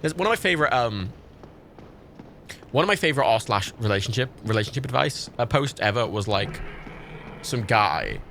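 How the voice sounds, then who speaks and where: Young male streamer, very animated pitch, bright edge, rambling sweary storyteller, slight hiss on the line. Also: moderate pace, vocal fry, pauses often. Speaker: livestream gamer. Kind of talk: casual gaming stream chat.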